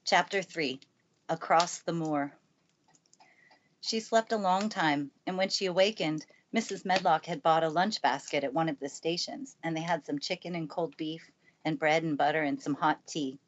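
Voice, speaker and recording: A woman calmly reading a classic storybook aloud in a steady storytelling manner, recorded in a family room by the fire. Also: sits low, moderate pace, muffled recording, a little hiss or hum. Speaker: narrator. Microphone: good studio mic.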